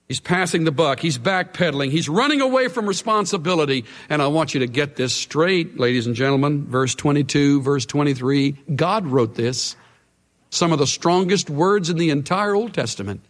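Emphatic preacher in a reverberant church. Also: male voice, on the high side, lively intonation, normal speed. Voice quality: emphatic, swings from loud to hushed. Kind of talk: sermon. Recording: long hall reverb.

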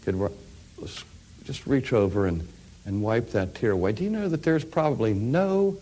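His voice on the low side, a middle-aged preacher delivers a sermon that swings between quiet near-whispers and loud, ringing high points.

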